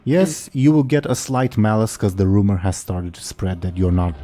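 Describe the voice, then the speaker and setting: A young man narrating a tabletop game as game master, casual and halting with many fillers. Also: on the low side, lively intonation, warm tone.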